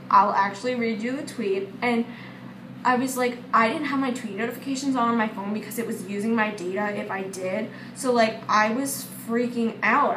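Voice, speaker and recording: Teen girl vlogger, rambling excited storytelling, faint air conditioner hum behind. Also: a little high. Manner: rambling, excited, many "like" fillers. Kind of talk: casual storytime vlog. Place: indoor room with air conditioning. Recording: echoey room, far from mic, faint hum.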